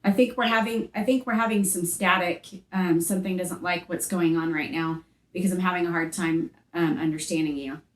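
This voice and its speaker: A woman investigator gives short, calm replies and plain instructions. Her voice sits a little low. The sound carries a roomy echo. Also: brisk, few pauses. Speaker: paranormal investigator.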